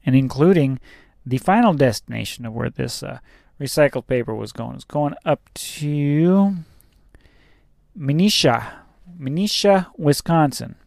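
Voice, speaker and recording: A man's voice: mid-range voice, expressive, normal speed, vocal fry, mellow, no room sound, studio quality. A man who drives a truck, telling a rambling, casual story about his workday, with fillers and some swearing.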